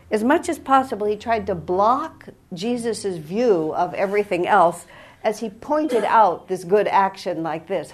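A woman's voice: mid-range voice, a little mellow. A woman teacher giving a spiritual talk, telling a story in an earnest, reflective way.

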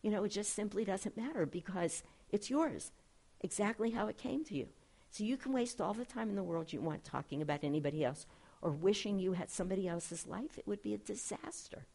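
A middle-aged woman, a spiritual director, giving an earnest, gentle talk to a class and reading quotations aloud. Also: mid-range voice, expressive, fairly quick, gravelly, slightly rough.

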